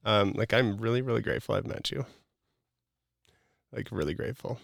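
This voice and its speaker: A middle-aged man with a low voice and a gravelly rasp that creaks through his sentences. He talks as a podcast guest in a casual but preachy, motivational way, leaning on "like" as a filler. The sound is dry and close, with no room echo. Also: fairly quick. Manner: earnest and preachy, many "like" fillers.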